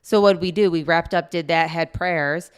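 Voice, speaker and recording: A woman's voice: fairly low pitch, moderate pace, clean tone. Earnest woman co-host giving advice. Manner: earnest, gently advising. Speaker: podcast co-host. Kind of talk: casual parenting chat.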